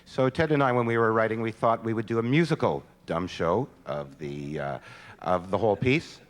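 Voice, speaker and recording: A man's voice: fairly low pitch, normal speed. Hesitant joking male performer on stage. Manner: rambling, hesitant, playful. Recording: long hall reverb.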